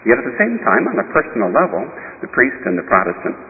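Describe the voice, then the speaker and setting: A man, a bishop, telling a story in a sermon at an unhurried pace, with pauses and small restarts. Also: mid-range voice, huge pitch swings. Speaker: bishop preaching. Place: church. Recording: reverberant church heard over a tinny, lo-fi line with faint hiss.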